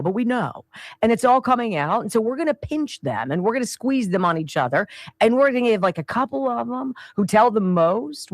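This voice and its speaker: Animated woman talk radio host. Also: medium pitch, dry recording. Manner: animated and sarcastic, putting on quick voices for quoted people. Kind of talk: opinionated talk radio monologue.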